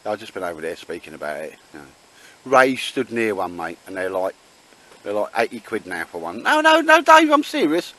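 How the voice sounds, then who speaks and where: A man's voice: low voice, a little fast, sharp tone, poor audio. A man, a bushcraft vlogger chatting casually and teasing his friend in the woods. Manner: jokey, teasing banter. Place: woods outdoors.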